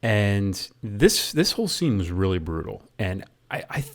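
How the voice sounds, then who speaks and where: A man's voice: lowish voice, big pitch swings, unhurried. A man reviewing a movie in a casual rant, rambling and often stumbling over and repeating his words.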